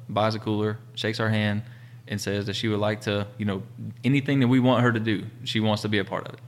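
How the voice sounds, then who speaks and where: A laid-back man chats about his business. His voice sits low and stays level, with little rise or fall. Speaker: podcast co-host, business owner. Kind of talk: casual chat.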